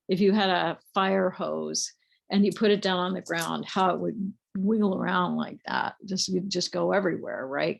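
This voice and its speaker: A middle-aged woman slowly telling a personal spiritual story, halting, with many fillers and restarts. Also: fairly low pitch, gravelly. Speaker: group leader telling her spiritual story.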